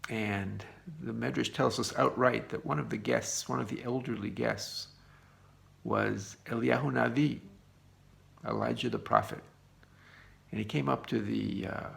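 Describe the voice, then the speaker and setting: A man teaching a Torah lesson, retelling a story in a lively way with frequent restarts. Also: mid-range voice, a little slow, vocal fry.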